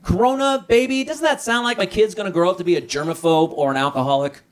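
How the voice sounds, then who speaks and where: A man in his thirties doing a stand-up set at a small restaurant comedy night, talking into a handheld mic. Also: fast talker. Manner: lively, jumps into high voices for quoted people.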